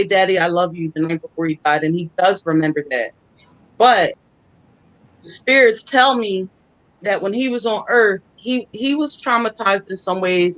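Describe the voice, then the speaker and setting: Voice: medium pitch, a bit bright, dry recording, rough recording. Chatty psychic co-host, mid-range voice, laughs easily while passing on spirit messages. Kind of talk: casual live psychic reading.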